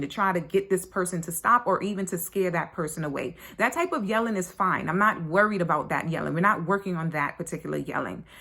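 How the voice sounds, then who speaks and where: A woman's voice: on the low side, fairly bright tone. A woman parenting coach talking casually to her course members, chatty and blunt, tagging sentences with "right?" and "like" and swearing freely. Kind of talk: casual online course talk.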